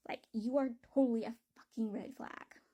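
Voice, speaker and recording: A woman's voice: fairly high pitch, fairly even intonation, moderate pace, mellow. A woman giving a casual book review, talking bluntly and with plenty of swearing and exasperation.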